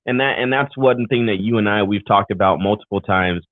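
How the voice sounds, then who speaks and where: A man's voice: fairly low pitch, fairly quick, no room sound. A man co-hosting a live racing talk show, chatting loosely and rambling through thanks and sign-offs over a video call. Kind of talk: casual live show chat. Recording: tinny phone-like call audio.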